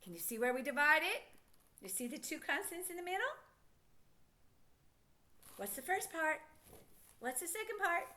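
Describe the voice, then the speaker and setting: Middle-aged woman teacher, high and animated, coaxing a child through phonics with encouraging questions. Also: moderate pace, long pauses.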